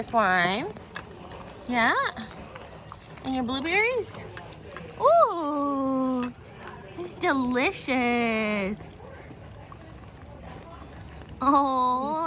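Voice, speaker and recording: Woman vlog host, high voice, slow unhurried delivery, upbeat, coos baby talk at dogs. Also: big pitch swings, fairly bright tone, slight background noise. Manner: upbeat, addresses viewers directly. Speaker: animal channel host. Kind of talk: casual vlog chat.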